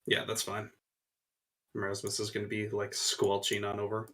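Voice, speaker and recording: Low-voiced man playing a tabletop game. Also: monotone, pushed and bright, a little hiss or hum. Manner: halting, with many fillers, in-character asides. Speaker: player. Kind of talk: tabletop role-play.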